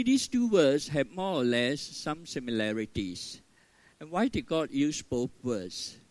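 An older man, a pastor, preaching an earnest sermon, stressing key words and then dropping to a soft, quiet tone. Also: fairly high pitch, no room sound, poor audio.

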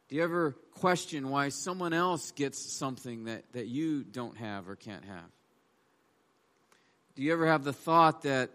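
A man's voice: medium pitch, fairly bright tone. A man preaching a sermon, reading verses aloud and voicing the psalmist's complaints with rising emphasis. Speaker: pastor.

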